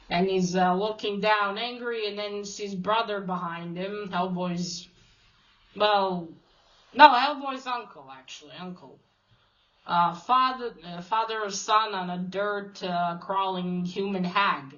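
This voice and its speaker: Woman, casual comic recap, slow unhurried delivery, middle pitch, dull lo-fi sound. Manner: retells scenes, quoting characters in a flat loose way, many "uh"s and "he's like". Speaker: comic reviewer.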